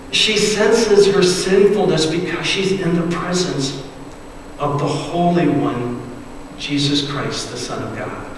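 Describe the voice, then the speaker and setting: A man preaching a sermon as pastor, retelling a story with dramatic swings between loud emphasis and hushed, quiet passages. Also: a little high, slow pace, a little hiss or hum. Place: church sanctuary. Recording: echoey church hall, distant mic.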